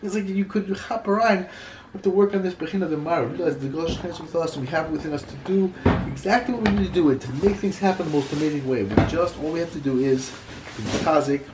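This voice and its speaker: Guy teaching torah, kinda high voice, keeps restarting sentences, echoey room with a bit of hiss. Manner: halting, repeats and restarts phrases. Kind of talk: informal Torah class.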